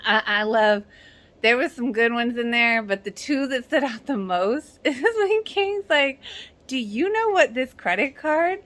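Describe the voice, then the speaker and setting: A woman giving a frank, casual video review, excitable and swearing freely, often breaking into squeals and laughter. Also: on the high side, a little slow.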